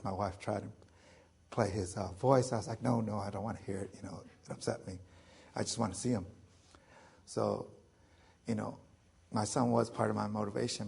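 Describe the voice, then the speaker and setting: A man in his forties with a deeply gravelly, rough-edged voice tells his own story to a crowd. He sits a little low in pitch and speaks loosely, cracking jokes and leaning on fillers between thoughts. The delivery feels like candid storytelling rather than a prepared speech. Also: a little mellow. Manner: joking, loose, heavy with fillers. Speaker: veteran speaker. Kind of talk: storytelling talk to an audience.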